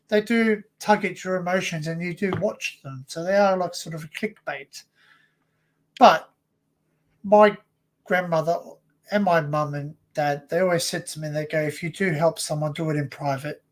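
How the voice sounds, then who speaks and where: A man's voice: high-pitched, normal speed. A man co-hosting a casual live-stream chat, rambling through stories with stumbling restarts. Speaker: co-host.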